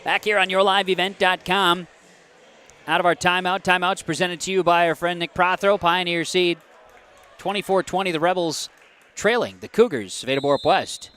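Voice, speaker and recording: High-ish bright-voiced guy doing basketball play-by-play, excitable, quick calls, faint gym noise behind. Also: smooth. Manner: rapid, excitable calls that jump up on big plays. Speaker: play-by-play announcer.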